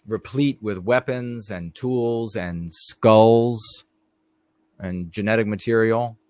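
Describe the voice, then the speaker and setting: A man's voice: on the low side, slow, a little mellow, no room sound. A middle-aged man hosting a live stream, telling rambling stories in a casual monologue and talking straight to his viewers. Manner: rambling storyteller, addresses viewers directly.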